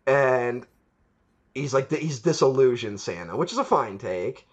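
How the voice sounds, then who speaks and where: This podcast co-host has a husky, mid-range voice and speaks at a measured pace, though he's animated. He meanders through a relaxed film review, laughing and performing lines from the movie, all on lo-fi sound.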